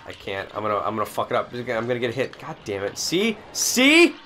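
A man's voice: lowish voice, quick pace, soft background music. A young man co-hosting a co-op let's play, swearing, joking and panicking in casual gaming commentary. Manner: profane, excitable, joking banter.

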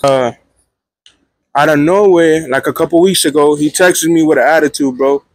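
A young man vents a story straight to camera, cursing freely and constantly checking in with his listener. His voice rides a little above the usual male pitch. The sound is dry and close, with no room echo. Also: moderate pace. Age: young adult. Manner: animated, profane, keeps checking in with 'feel me', 'right?'. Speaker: vlogger, college student. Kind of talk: casual storytelling vlog.

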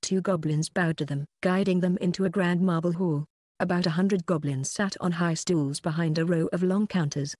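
Audiobook narrator reading steady, mid pitch, dry close mic. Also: normal speed, dry recording. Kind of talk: scripted narration.

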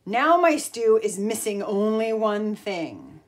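A woman voicing a sly male dingo cook in a storybook read-aloud, chanting his stew song slowly. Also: mid-range voice, lively intonation. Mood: cheerful. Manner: slow sing-song chanting.

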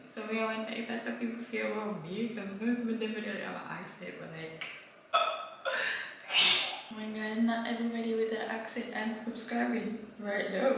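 A young woman vlogging at home, talking bluntly and rambling as she swears and drifts into patois. Her voice sits back from the mic in a very echoey room, with a steady hiss of room noise underneath. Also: medium pitch, distant mic. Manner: blunt, rambling, swears freely, mixes in Caribbean-style patois. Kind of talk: casual vlog chat to camera.

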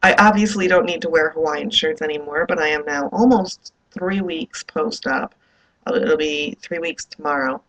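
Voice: medium pitch, normal speed, fairly bright tone, low-quality recording. A young adult vlogger, up early and groggy, rambling loosely and swearing in a casual video diary.

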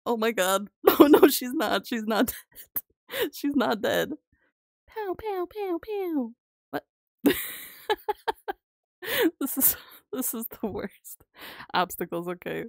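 A woman streaming a game live, commenting casually, excitable, laughing often and swearing freely. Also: on the high side, slow pace, creaky, long pauses, no echo, clean studio sound.

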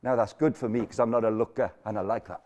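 A man preaching a lively sermon to a student conference in a lecture hall, energetic and jokey, repeating his points for emphasis. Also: lowish voice, fast.

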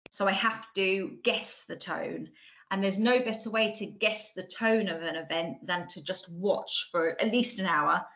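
A woman's voice: mid-range voice, unhurried, a bit bright, rough recording. A woman in her forties with a Bracknell Mockney-style accent, giving a chatty conference talk online with many ums and restarts, over a computer mic. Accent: Bracknell, Mockney-like estuary. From England. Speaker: conference speaker.

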